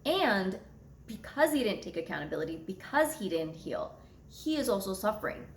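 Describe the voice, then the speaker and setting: A woman's voice: mid-range voice, sing-song, moderate pace, reverberant, slight background noise. A young adult woman astrologer telling a personal story to her viewers in a candid, blunt way, swearing freely. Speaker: astrologer and channel host.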